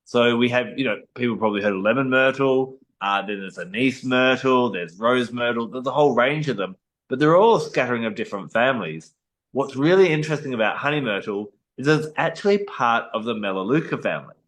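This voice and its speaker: A man's voice: mid-range voice, lively intonation, brisk, fairly bright tone, rough recording. An Australian man co-hosting an aromatherapy talk, explaining things thoughtfully in a casual educational way. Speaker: aromatherapy co-host.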